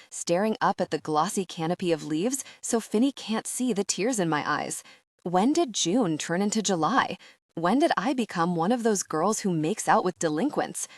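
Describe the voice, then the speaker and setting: A woman reading a first-person audiobook in a soft, measured, intimate manner, recorded close on a studio mic. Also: on the low side, no room sound. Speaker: audiobook narrator.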